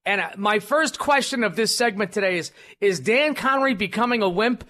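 A man's voice: sits high, brisk, bright, forceful tone. A man hosting a talk radio show, rambling and self-deprecating, with lots of fillers and restarts, speaking into a studio microphone.

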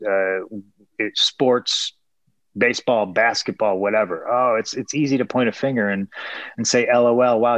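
A man's voice: medium pitch, a bit bright, dry recording, poor audio. A man from Chicago, a former fighter turned broadcaster, giving earnest, rambling interview answers with many restarts.

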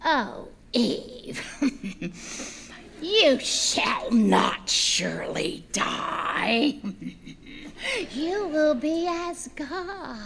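A woman voicing a sly male serpent who tempts in a coaxing, hushed, breathy way. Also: sits high, very animated, very slow, pauses often, crowd noise, heavily acted.

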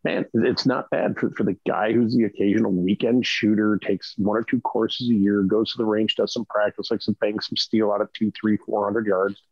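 A man's voice: fairly low pitch, fairly even intonation, moderate pace, vocal fry, few pauses, darkish tone, husky, dry recording, lo-fi sound. A middle-aged man in casual chat, rambling with restarts and frequent "right?" asides. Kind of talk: casual chat about rifle optics.

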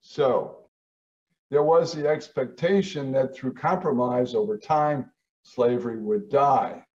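A man giving a lecture, stressing key words with sharp rises in pitch. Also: recorded from a distance, dull audio. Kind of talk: lecture on founding history.

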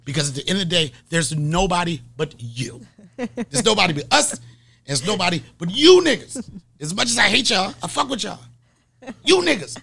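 A man hosting a podcast, telling stories in loud, animated, laughing comedic banter. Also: sits high, normal speed, creaky. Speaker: podcast host.

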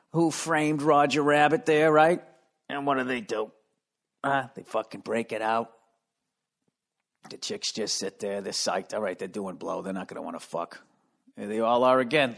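Loud, profane middle-aged man ranting. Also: mid-range voice. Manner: profane, loud, easily sidetracked. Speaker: podcast host. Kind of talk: rambling comedic monologue. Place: room at home.

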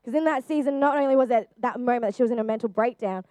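A young woman shares a personal testimony in an earnest, chatty way, with lots of "um" and "like." Her voice sits slightly high. The sound is close and dry, with no room echo. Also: racing, dark tone. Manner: earnest, chatty, with frequent fillers. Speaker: youth speaker.

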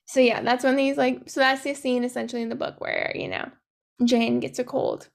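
A woman's voice: fairly high pitch, flat delivery, moderate pace, creaky. A woman chatting casually as a podcast co-host, recapping a movie, swearing freely and acting out the lines.

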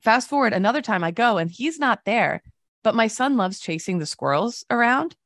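A woman co-hosting a casual talk show, telling stories and reading news with lively voiced quotes. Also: a little high, moderate pace, no room sound, studio quality. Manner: animated storytelling with voiced quotes. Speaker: co-host.

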